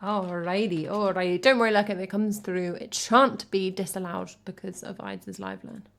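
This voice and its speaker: A woman's voice: mid-range voice, fairly even intonation, moderate pace, creaky, fairly bright tone. Chatty English woman, self-deprecating. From England. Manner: chatty, self-deprecating, reading out chat and thanking viewers. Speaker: music streamer. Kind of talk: casual chat between songs.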